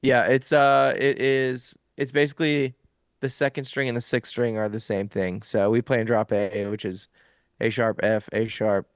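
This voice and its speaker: A young adult man, a guest musician, chats casually in an interview, relaxed and explaining things at length with plenty of fillers. His voice is medium in pitch and clean in tone, at a moderate pace. The recording has clean studio sound with no room noise.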